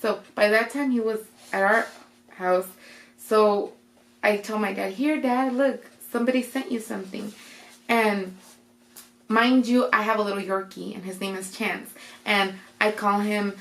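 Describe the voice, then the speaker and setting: A young woman chats through a personal story for her vlog. Her voice has a gravelly fry, and she slips into quoted voices. The sound carries a roomy echo. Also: mid-range voice, measured pace. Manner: animated retelling that jumps into quoted voices. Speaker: vlogger. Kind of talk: casual storytime.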